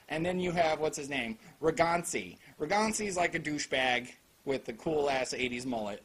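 A man giving a casual, sarcastic anime review, full of swearing and jokes. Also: high voice. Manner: sarcastic, profane, joking; animated.

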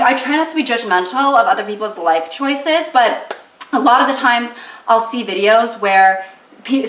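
A woman's voice: medium pitch, fairly bright tone, recorded from a distance. A young woman chatting casually while she cooks in her home kitchen, rambling and joking with many fillers. There is no separate microphone. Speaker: vlogger. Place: home kitchen, cooking at the stove. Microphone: camera mic, no separate microphone. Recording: roomy, off-mic kitchen with stove sizzle.

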